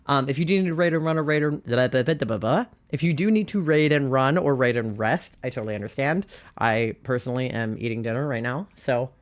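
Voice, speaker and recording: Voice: medium pitch, a little fast. A young adult streamer, sick and sounding off from their usual voice, chatting casually and rambling with giggles and lots of fillers. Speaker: Twitch streamer. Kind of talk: casual live-stream chat.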